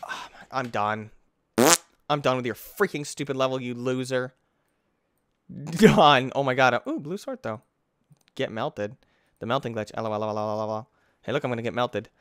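A young man from the United States doing let's play commentary on a close mic. His voice is smooth and resonant, recorded dry with no room sound. He talks to the game as he plays, gets easily frustrated and breaks into yells. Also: mid-range voice, dry recording. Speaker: gaming YouTuber.

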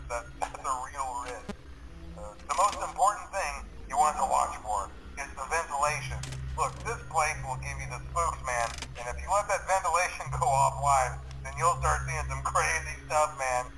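An actor playing a friendly male boss who leaves rambling phone messages, with relaxed, chuckling fillers. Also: a little high, close to an everyday voice. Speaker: game character on a phone recording. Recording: noisy phone-line recording.

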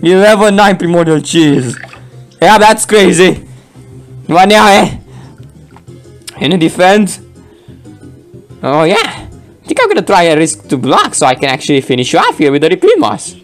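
Excitable high-voiced man commentating a game. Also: normal speed, pauses often, faint music behind. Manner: excitable, laughs often, playful roars. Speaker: gameplay commentator. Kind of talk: playful game commentary voicing both sides.

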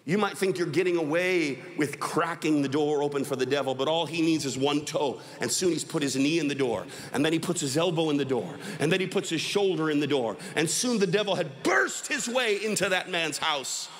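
A male preacher tells a parable with high, lively pitch and big swings. He tells it dramatically and teases his audience to play along. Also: a little fast, few pauses, long reverb tail. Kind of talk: sermon storytelling.

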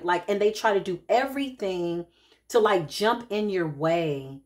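A woman's voice: medium pitch, lively intonation, unhurried. A woman giving a casual spiritual tarot reading, talking straight to her viewers in a chatty way with frequent tag questions. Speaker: intuitive spiritual reader.

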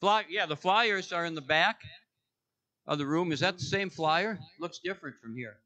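A man reads out the church notices from the front of a sanctuary, cracking jokes and wandering off track. His voice sits a little high and sounds bright and forceful. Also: moderate pace. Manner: joking, rambling, self-correcting. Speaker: church announcer. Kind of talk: casual church announcements.

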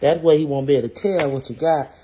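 A man's voice: a little high, steady tone, quick pace, dark tone, a little hiss or hum, close to an everyday voice. A man playing a sassy, vengeful scorned wife. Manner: sassy, talks straight to viewers with "y'all" and "honey". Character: scorned vengeful wife cooking for her cheating husband. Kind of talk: comedy skit cooking monologue.

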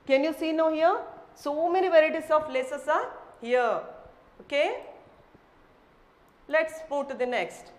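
A woman's voice: sits high, measured pace, long pauses. A woman with an Indian English accent teaching a vocabulary lesson to children, spelling each word letter by letter and repeating every phrase twice.

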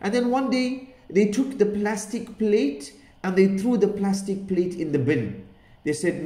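Male children's storyteller, warm-toned, slightly high, roomy sound. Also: unhurried. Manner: gentle, asks the child questions, Islamic phrases. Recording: roomy echo.

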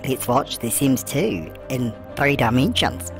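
A man's voice: medium pitch, unhurried, fairly bright tone. A man playing a chatty elderly grandmother who hosts a game commentary, calling the listener love and answering his own questions. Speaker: game host. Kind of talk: let's-play commentary. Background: music.

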